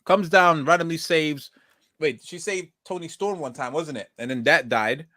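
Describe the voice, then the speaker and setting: A man's voice: fairly high pitch, normal speed, sharp tone, no echo, clean studio sound. A man hosting a casual podcast chat and reading comments aloud, rambling and hesitant, restarting his sentences often. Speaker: podcast host.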